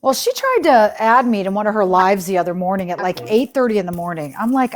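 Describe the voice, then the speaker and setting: A woman's voice: medium pitch, lively intonation, a little fast, a little hiss or hum. A woman hosting a live stream, chatting casually and retelling arguments with quoted back-and-forth, rambling and exasperated. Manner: chatty storyteller who acts out quoted exchanges; exasperated, rambling and full of restarts.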